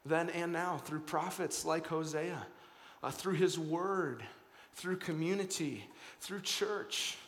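Earnest pastor preaching in an echoey hall. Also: male voice, a little high. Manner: earnest, conversational, with frequent repeated words and restarts. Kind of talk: sermon.

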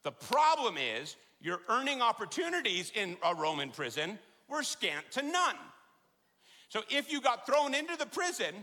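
Middle-aged man, pastor preaching in a big church, bright high voice, long hall echo. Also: moderate pace. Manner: animated, jokey preaching with sudden loud emphasis. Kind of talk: sermon.

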